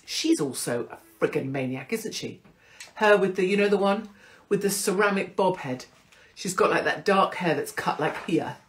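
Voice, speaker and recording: A middle-aged British woman hosting her own show, talking in a brash, self-mocking monologue full of swearing. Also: deep voice. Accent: British English. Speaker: host. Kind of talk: casual monologue.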